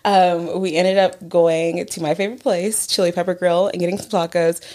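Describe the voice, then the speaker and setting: A woman's voice: lowish voice, level tone, moderate pace, mellow. A woman in her twenties, a podcast co-host, rambling through stories in casual chat with many fillers and giggles.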